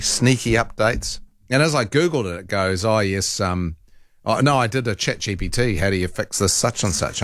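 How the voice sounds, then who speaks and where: A man hosting talk radio, chatting casually in an animated, exasperated way with frequent ums and restarts. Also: low voice, dry recording, studio quality.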